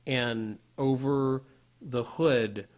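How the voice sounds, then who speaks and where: A man co-hosting a podcast, telling a personal story in a casual, animated way with many restarts. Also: mid-range voice, extremely slow. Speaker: podcast co-host.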